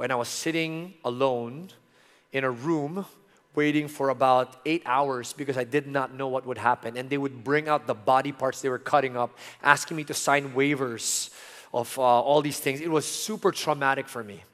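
A middle-aged man preaching a sermon, earnest, moving from loud emphasis to soft, intimate tones. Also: mid-range voice. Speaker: pastor. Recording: long hall reverb.

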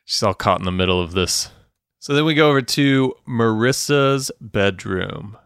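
A man with a low, smooth and resonant voice recaps a TV episode in casual podcast chat. He acts out the characters' lines as he goes and swears freely. The sound is dry and close. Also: moderate pace, no room sound. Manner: animated retelling, acting out characters' lines, swears and laughs often. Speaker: podcast co-host.

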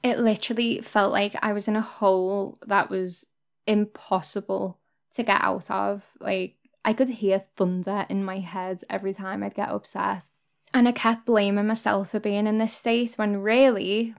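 A woman's voice: mid-range voice, vocal fry. Earnest young woman talking candidly. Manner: candid, earnest, occasional swearing. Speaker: vlogger. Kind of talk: personal talk to camera.

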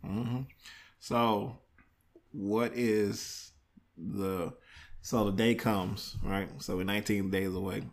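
A young man hosting a casual podcast chat, teasing his brother and telling lively family stories with plenty of laughter. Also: on the low side, takes it slowly, pauses often. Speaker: podcast host.

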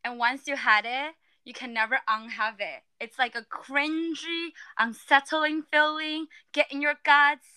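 A woman's voice: sits high, fairly even intonation, unhurried, hardly any pauses, sharp tone, dry recording. A woman hosting a casual chat, animatedly explaining slang. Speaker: podcast host.

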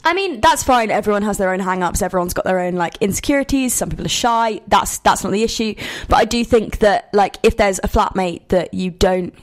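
A woman, co-hosting a podcast in casual, measured chat full of "um"s and "like"s. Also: medium pitch. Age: 20s. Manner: chatty, measured, many "um"s and "like"s. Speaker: podcast co-host.

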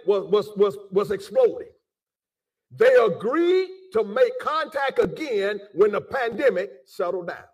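A man preaching to his listeners with fervor. He repeats words and rises into shouts. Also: extremely high pitch, breathy edge, far from the mic. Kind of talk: impassioned preaching address.

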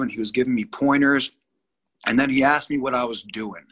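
A man's voice: mid-range voice, fairly even intonation, brisk, a bit bright. A man in his thirties from California, a guest telling a story in an interview, rambling and emphatic with many restarts. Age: 30s.

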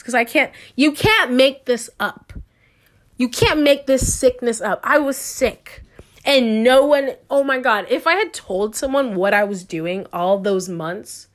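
A young woman talks to her viewers in a casual confessional storytime. She is dramatic and exclaiming, laughing in disbelief as she goes. Her voice jumps between loud outbursts and low, trailing mutters. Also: lively intonation, unhurried. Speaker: vlogger.

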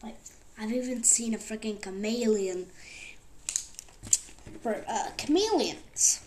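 Higher-pitched woman rambling on her podcast, lots of likes and fillers, bit of hiss. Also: expressive, slow, a little mellow. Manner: rambling, full of fillers like "like" and "actually". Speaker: podcast host. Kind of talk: rambling casual talk.

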